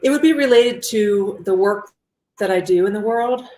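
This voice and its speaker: A woman from Ohio who teaches mindful movement, answering interview questions over a video call in a measured, thoughtful way. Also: medium pitch, warm tone. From Ohio, United States. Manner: measured, thoughtful, with pauses and fillers. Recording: roomy echo.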